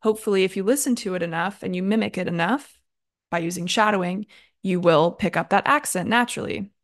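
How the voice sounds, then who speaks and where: A young woman teaching an online English lesson in a chatty, clear and encouraging way, with casual filler words. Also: medium pitch, fairly quick.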